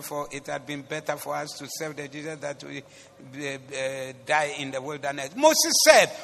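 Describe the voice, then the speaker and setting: A man preaching a sermon as the pastor. He switches between English and Twi phrases and swings from soft asides to loud, emphatic preaching. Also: on the high side, completely flat delivery, moderate pace, gravelly. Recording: long hall reverb with faint noise.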